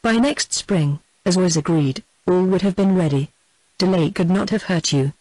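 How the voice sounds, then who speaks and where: Narrator putting on a cool, unbothered gentleman plotter, quiet and slow, dry close sound. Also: mid-range voice, no room sound, lightly acted, low-quality recording. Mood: calm. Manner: calm, almost apathetic delivery. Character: calm, dignified male plotter, quietly blunt.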